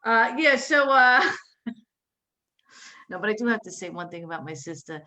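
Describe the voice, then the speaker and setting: A woman from Staten Island doing a stand-up comedy set, chatty, with quick asides and flat, low-voiced impressions of her family. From Staten Island, New York.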